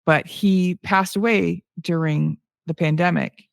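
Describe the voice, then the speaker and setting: A woman's voice: lowish voice, fairly even intonation, measured pace, vocal fry, no room sound, studio quality. A woman co-hosting a podcast in casual chat, telling stories and acting out what people said. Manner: storytelling, acts out quoted people. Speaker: podcast co-host.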